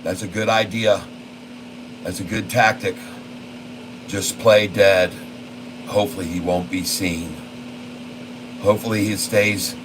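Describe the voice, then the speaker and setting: A man hosting a trading channel, commentating live on his trades in a folksy, excitable way and constantly talking to his viewers. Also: fairly low pitch, measured pace, pauses often, noisy background. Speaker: stock trading channel host.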